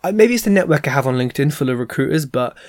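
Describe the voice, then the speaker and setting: A man's voice: mid-range voice, lively intonation, racing, darkish tone, no room sound, clean studio sound. Chatty man giving tips. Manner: chatty, lots of fillers and asides. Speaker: podcast host giving business advice. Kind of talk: casual advice talk.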